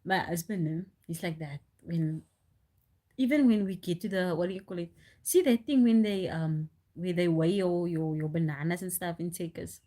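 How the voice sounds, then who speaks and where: A woman chatting on a live stream, telling stories in an animated, rambling way with restarts and frequent laughs, into a phone. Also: fairly low pitch, moderate pace. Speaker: livestreamer. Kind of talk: casual storytelling on a live stream.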